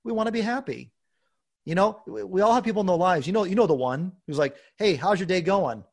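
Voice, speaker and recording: A man hosting a podcast, talking earnestly and openly about his own life, with bursts of laughter and animated emphasis. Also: high-pitched, quick pace, vocal fry. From United States. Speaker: podcast host. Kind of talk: conversational podcast talk.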